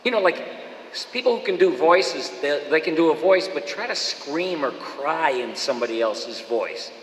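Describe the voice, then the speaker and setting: A man from Boston, a voice actor telling stories at a fan Q&A, animated and dropping into quick impressions. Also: on the high side, a little hiss or hum. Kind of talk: casual anecdotal chat. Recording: echoey hall with long reverb.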